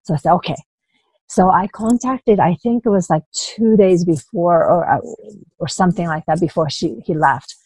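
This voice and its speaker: A woman telling her personal story as a guest in an interview, in halting bursts with many restarts, asides and small laughs. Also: on the low side, a little mellow, breathy edge, no room sound, rough recording. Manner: halting retelling with frequent restarts, "you know" and light laughs.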